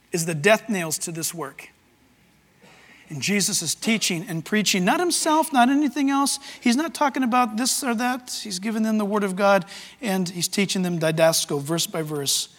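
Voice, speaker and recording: A pastor with a high, bright, forceful voice delivers a sermon to his church. He is animated and breaks into sudden shouts to act out the scripture. His voice rings with the long reverb of a large sanctuary. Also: moderate pace.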